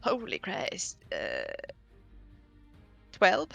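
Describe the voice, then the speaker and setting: Giggly, unsure player with a bright voice. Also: medium pitch, huge pitch swings, drawn-out words, creaky, faint music behind. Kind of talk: playing a tabletop game.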